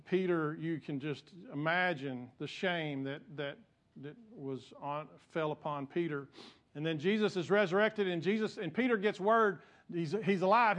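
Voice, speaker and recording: A man's voice: fairly high pitch, fairly bright tone. A male pastor, preaching a sermon in a conversational way that builds to emphatic peaks.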